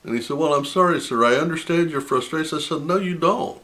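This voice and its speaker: A man's voice: a little high, fast talker, sharp tone. A man hosting a personal finance channel, telling a story to camera in an indignant, emphatic way and laughing in disbelief. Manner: indignant, retelling a phone argument with heavy emphasis.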